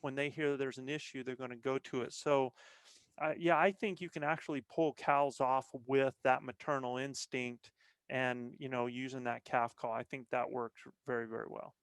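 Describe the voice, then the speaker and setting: A man's voice: medium pitch, fairly even intonation, moderate pace, smooth, no echo. A man talking as a podcast guest, explaining things earnestly in a casual chat with frequent restarts. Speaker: podcast guest, veteran elk bowhunter.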